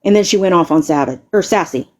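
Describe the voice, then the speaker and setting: A woman's voice: on the low side, fast talker, darkish tone. A woman live streamer delivering an angry, confrontational rant, stammering and repeating words and swearing heavily.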